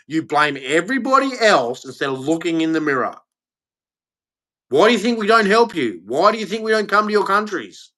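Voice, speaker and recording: An Australian man delivers an angry vlog rant straight to camera. He is blunt and profane, and he leans hard on his words. His pitch is lively and swings widely as he talks. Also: normal speed. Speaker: vlogger. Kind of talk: ranting monologue to camera.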